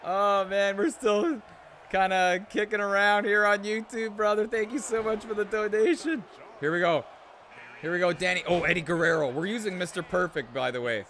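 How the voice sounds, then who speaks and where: Excitable high-voiced male game streamer. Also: normal speed, slight background noise. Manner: excitable, shouts at big moves, laughs to himself. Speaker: live-stream host. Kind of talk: excited live game commentary.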